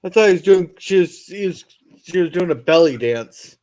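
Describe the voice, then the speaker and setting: Chatty man with a higher voice. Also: expressive, moderate pace, a little mellow. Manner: chatty, asks questions. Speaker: panelist. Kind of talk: casual chat.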